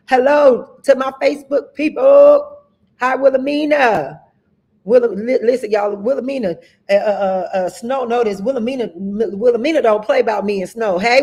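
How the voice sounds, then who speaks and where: A woman minister hosting a livestream, giving announcements in a lively, preacher-like way and greeting viewers by name. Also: on the high side. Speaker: host and minister. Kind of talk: livestream announcements and shout-outs.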